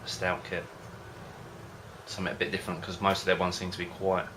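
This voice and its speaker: A man's voice: low voice, little pitch movement, a little fast, background noise. A man vlogging about home brewing in a casual, rambling way, often hesitating and losing his thread. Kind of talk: casual rambling chat to camera.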